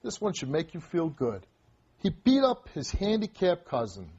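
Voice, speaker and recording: A man's voice: a little high, huge pitch swings, moderate pace, darkish tone, breathy edge, highs cut off. A man hosting a confrontational talk show on a TV studio stage, scolding and commanding a teenage guest.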